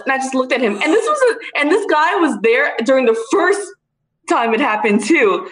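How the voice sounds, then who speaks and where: A woman telling a story in casual chat, animated and profane, often laughing. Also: high-pitched, fairly quick.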